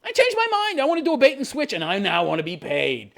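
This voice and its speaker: A man voicing a whiny, entitled young stay-at-home mother in a mocking high-pitched whine. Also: huge pitch swings, fast talker, gravelly, a bit bright, heavily acted.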